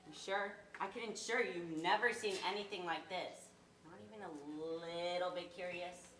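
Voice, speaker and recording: A woman's voice: lowish voice, normal speed, a bit bright, a little hiss or hum, natural voice. A young woman on a school stage playing a pushy male waterfront hustler with wheedling sales patter, recorded from far off in an echoey hall. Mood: coaxing. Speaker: student actor.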